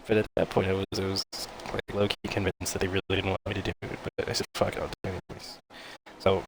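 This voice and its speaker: A man with a low, gravelly voice tells a story on his live stream in loose, profanity-filled talk. He acts out the moments as he goes, his voice jumping up into yelps. A steady hiss runs under the recording. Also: fast. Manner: profane, animated retelling with mimicked yelps.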